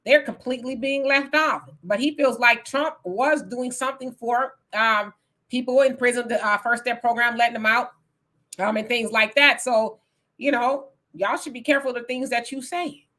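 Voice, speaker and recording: Bright-voiced woman livestream host. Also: a little high, normal speed. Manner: reads viewer comments aloud, then argues back in casual, emphatic speech. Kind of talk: live political talk stream.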